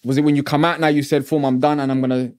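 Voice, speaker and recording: A man's voice: fairly high pitch, flat delivery, very fast, a little mellow. A man hosting a casual interview, talking in a reflective, preachy way with street slang. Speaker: podcast host.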